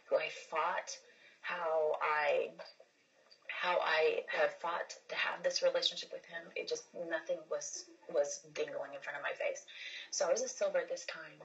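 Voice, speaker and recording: Low-voiced woman telling her story earnestly. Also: fairly bright tone, highs cut off. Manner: rambling, with many restarts and repeated words. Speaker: livestream host. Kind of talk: casual livestream testimony.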